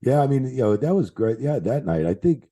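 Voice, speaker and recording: A middle-aged former wrestling referee, a man, telling backstage stories in a casual interview, animated and swearing freely. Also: medium pitch, fairly quick. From New Jersey area. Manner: animated, swearing, laughing, retelling backstage anecdotes.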